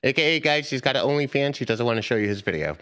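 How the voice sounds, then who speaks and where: A man hosts a live trading stream, bringing callers on and teasing them as he goes. His pitch swings widely and stays animated. His voice sits at a middle pitch. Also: fast. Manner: teasing, jokey. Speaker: host. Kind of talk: joking live stream banter.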